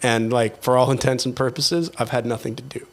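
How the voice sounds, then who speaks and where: A man hosting a casual podcast chat about theatre work, talking in an animated way and laughing often. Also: mid-range voice, a little fast, gravelly. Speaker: podcast host, theatre technician.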